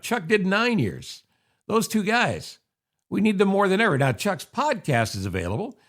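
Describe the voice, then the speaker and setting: An older man from upstate New York hosting his podcast in a chatty, wry monologue from his office, full of sarcastic asides. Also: a little high. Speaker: podcast host. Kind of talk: casual monologue. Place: home office.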